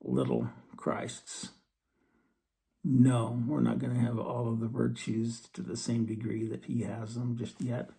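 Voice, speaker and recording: A man giving an earnest scripture study talk, reading verses slowly and then explaining them. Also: medium pitch, completely flat delivery, creaky, dark tone. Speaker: religious teacher.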